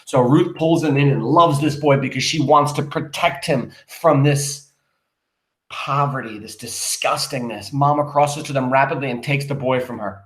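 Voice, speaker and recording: A male teacher reading a play aloud and explaining it to his students, in an animated way, speaking straight to the class. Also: mid-range voice, moderate pace, reverberant.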